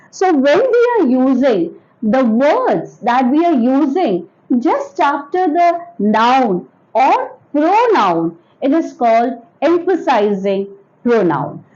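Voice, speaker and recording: A woman teaching an English grammar lesson to children, speaking slowly and repeating each point with examples. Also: sits high, a little mellow, muffled recording. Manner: addresses children directly.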